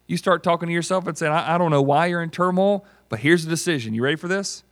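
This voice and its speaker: Conversational preacher, a man with a higher voice. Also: quick pace, fairly bright tone. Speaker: pastor. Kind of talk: sermon.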